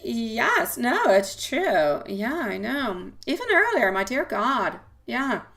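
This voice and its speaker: A woman's voice: on the high side, very animated, takes it slowly, gravelly, fairly bright tone. A woman reading tarot on a live stream, chatting with viewers and calling them sweetie and my love, rambling and repeating herself. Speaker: tarot reader.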